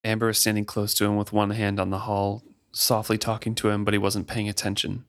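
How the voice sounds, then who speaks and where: A man co-hosting a book podcast, reading passages of a novel aloud in a steady, measured way. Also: lowish voice. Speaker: podcast co-host.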